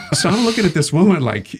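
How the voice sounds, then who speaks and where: Sitting high in pitch and moving fairly quickly, this middle-aged priest's voice carries an animated story told as an interview guest. He uses casual slang, laughs a lot, and impersonates the characters, with background noise behind him.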